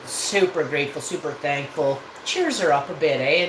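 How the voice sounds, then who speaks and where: Dude rambling thru a story on stream, swears a lot, roomy echo and noise behind him. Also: male voice, a little high, normal speed, few pauses. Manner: rambling, loose and profane. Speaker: live streamer. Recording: echoey room with background noise.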